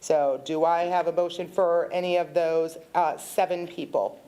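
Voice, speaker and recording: A woman chairing a school board meeting, running the agenda in an informal, halting way with frequent ums and quick apologies. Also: fairly low pitch, steady tone, dark tone.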